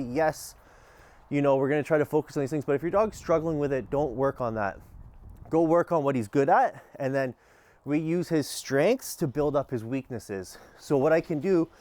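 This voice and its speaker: A dog trainer, a man, explaining his methods in a relaxed way and breaking off into short, energetic commands and praise for the dog. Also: fairly high pitch. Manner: explains calmly, then barks short upbeat commands to the dog. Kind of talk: hands-on training demonstration. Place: outdoors in a yard, training a dog.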